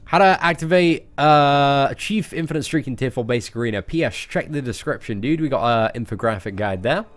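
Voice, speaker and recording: A man's voice: mid-range voice, animated, fairly quick, hardly any pauses. An English man chatting casually on a game live stream, joking and often restarting his sentences.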